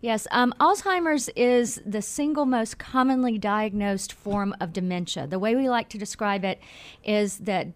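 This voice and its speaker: A woman with a Mississippi accent, a nonprofit executive explaining things clearly as a radio guest. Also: medium pitch, a little slow. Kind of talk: radio interview.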